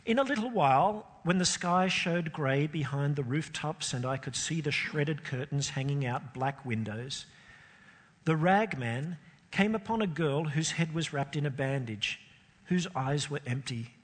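A man telling a story in a dramatic, expressive reading, slowing down with emotional pauses. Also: a little high, breathy edge. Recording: long hall reverb.

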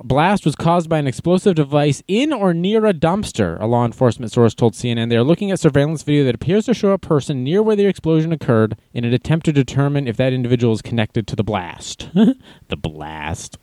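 A man's voice: on the high side, mellow, no echo. A man casually reading news aloud and adding wry, jokey asides as an online commentator.

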